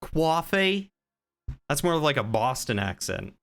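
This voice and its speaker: Bright, clear-voiced male streamer. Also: fairly high pitch, normal speed, faint music behind. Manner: playful, rambling, answers chat with teasing. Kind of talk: casual live-stream chat.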